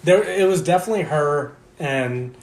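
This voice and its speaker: A man's voice: a little high, lively intonation, normal speed. A man in his twenties, co-hosting a podcast, telling a profane story in casual chat and laughing often. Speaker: podcast co-host. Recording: roomy echo, faint noise.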